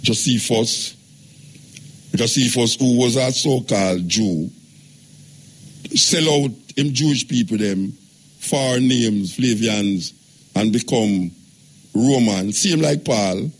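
A Jamaican man hosts a late-night call-in radio show, chatting loosely in patois and joking with callers. His voice is husky, at an ordinary pitch for a man. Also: takes it slowly, long pauses. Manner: relaxed, joking, speaks in patois. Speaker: radio talk show host. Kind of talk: casual call-in radio talk.

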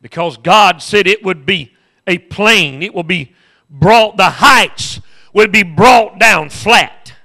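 A man's voice: sits high, expressive, takes it slowly, pushed and bright. A male pastor preaching a sermon with impassioned repetition and humorous storytelling.

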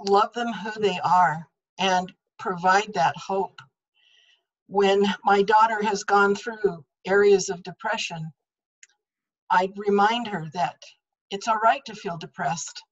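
A woman panelist on a video call, speaking in a slow, measured way. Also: mid-range voice, fairly even intonation, highs cut off.

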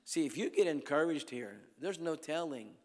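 A middle-aged evangelist preaching a revival sermon, telling animated stories and bursting into squeaky voices for the people in them. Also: male voice, normal speed. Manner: animated storytelling, jumping to squeaky quoted voices. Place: large church hall. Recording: long hall reverb.

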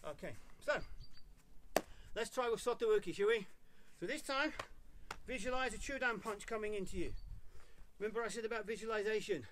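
A man teaching a live online karate class, calling counts and short commands between calm explanations. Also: high voice, brisk, background noise. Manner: barks counts loudly, coaching in short commands. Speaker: karate instructor.

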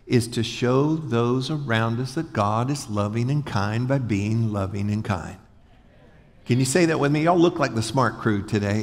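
Man, pastor; casual joking sermon, calls on the crowd to repeat lines, big echoey church. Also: mid-range voice. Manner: folksy, joking, asks the congregation to repeat after him. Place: large church hall before a congregation.

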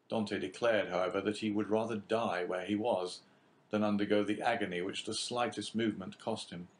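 A man narrating a classic novel as an audiobook in a measured, even reading. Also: on the low side.

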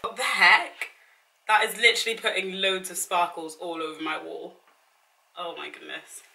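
Her voice is lowish, gravelly and sharp, delivered at normal speed in a steady tone, with slight background noise. She's a young vlogger in her twenties doing a casual try-on haul at home, dramatic, self-mocking and exasperated. The mic is far off in an echoey room.

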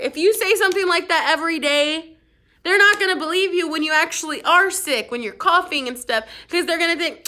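A woman's voice: very high voice, a little fast, pushed and bright. A young adult woman teacher reading a storybook aloud to her class, playful and full of asides.

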